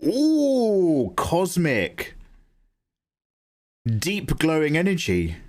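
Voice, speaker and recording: Man, art livestream chat, animated rising and falling pitch, excitable, swears a lot. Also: normal speed. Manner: excitable, swears freely, thanks chat by name. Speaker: livestreaming artist. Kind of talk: casual chat with viewers.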